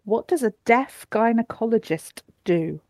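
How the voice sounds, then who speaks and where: A woman's voice: fairly high pitch, lively intonation, unhurried, a little mellow, dry recording. A woman co-hosting a casual podcast, chatty and giggly, sometimes ranting. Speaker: podcast co-host. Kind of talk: casual chat.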